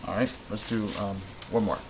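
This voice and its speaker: Guy teaching a whiteboard lesson, kinda low voice, patient, fixes his own slips, little bit of background hiss. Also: fairly even intonation, normal speed. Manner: patient, explains step by step, corrects himself. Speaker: Spanish teacher.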